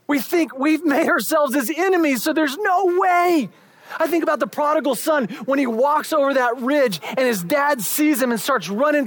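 A preacher delivering a sermon, building up with emphasis and then dropping to hushed, quiet endings. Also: sits high, husky.

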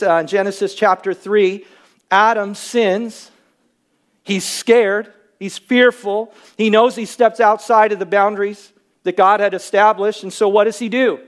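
High-voiced man preaching a sermon. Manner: conversational, shifts into loud shouts for emphasis. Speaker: pastor. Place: church stage.

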